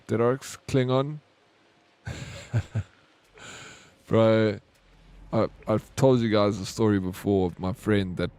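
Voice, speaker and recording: A man's voice: medium pitch, darkish tone, dry recording. A young man streaming a game, chatting casually and talking straight to his viewers by name. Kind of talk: casual live-stream chat.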